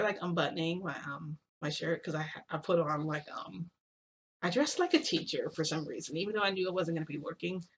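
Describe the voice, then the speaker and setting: A woman's voice: sits low, fairly bright tone. A woman casually telling a long story to her viewers, rambling with many fillers. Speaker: vlogger.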